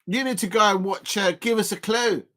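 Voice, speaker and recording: A football streamer doing a casual live watch-along commentary, rambling, filling pauses with ums and uhs, correcting themself and breaking into excited shouts at near misses. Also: medium pitch. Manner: rambling and self-correcting, full of fillers and laughs.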